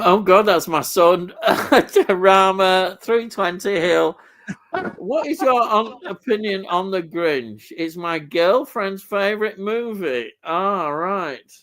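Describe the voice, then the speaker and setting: A man's voice: high-pitched, extremely slow, fairly bright tone. A middle-aged Yorkshire man chatting casually on a livestream and reading out viewer comments, with lots of ums and easy laughter. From Yorkshire, England. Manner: hesitant, many ums, laughs easily. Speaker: livestream co-host reading chat. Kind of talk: casual chat.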